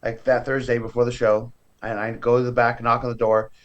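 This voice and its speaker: A man's voice: mid-range voice, a little fast, highs cut off. Man telling a story in a casual interview. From California. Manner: lively storyteller who acts out other people's voices. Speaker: guest, professional wrestler.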